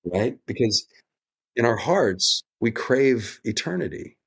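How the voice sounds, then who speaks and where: A middle-aged American man speaking as an actor guest in an interview, earnest and reflective, telling stories with drawn-out pauses. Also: mid-range voice, sing-song, creaky, a bit bright, husky. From United States.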